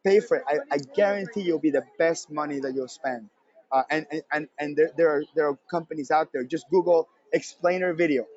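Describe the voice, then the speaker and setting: A man giving a live conference talk, energetic and repeating his points for emphasis. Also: fairly high pitch, fairly quick, highs cut off. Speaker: presenter at a conference session. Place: convention center session room.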